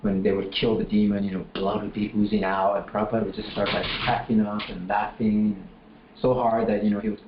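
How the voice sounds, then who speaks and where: A man telling devotional stories at a class in a loose, rambling way, full of fillers and restarts. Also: lowish voice. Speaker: speaker at a temple class. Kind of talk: casual storytelling class. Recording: roomy echo, dull lo-fi, faint room noise.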